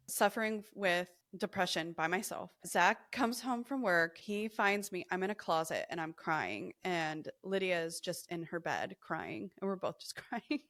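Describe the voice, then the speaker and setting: Blunt, animated young woman telling a story. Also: fairly low pitch, no echo, studio quality. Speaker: podcast co-host. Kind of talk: casual storytelling chat.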